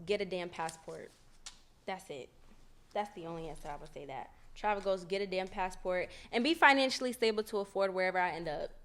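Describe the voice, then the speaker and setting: Animated woman telling a story. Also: fairly low pitch. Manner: animated, slangy, laughs often. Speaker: podcast host. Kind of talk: casual storytelling chat.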